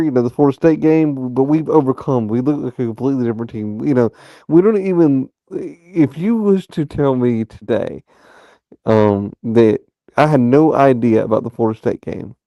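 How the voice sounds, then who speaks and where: A man hosting a fan call-in show, giving his opinions in a drawn-out, stammering way. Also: mid-range voice, no room sound, highs cut off. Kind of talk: casual sports talk.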